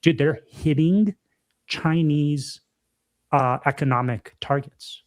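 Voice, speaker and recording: A man's voice: a little high, slow. A young man co-hosting a podcast in casual chat, talking emphatically, repeating himself and calling his friend dude and bro. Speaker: podcast co-host.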